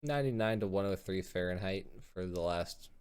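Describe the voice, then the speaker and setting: A man from Texas with a light Texan accent, hosting a casual interview, jokey and excitable and swearing freely. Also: sits low, fairly quick, smooth. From Texas, USA. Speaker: podcast host.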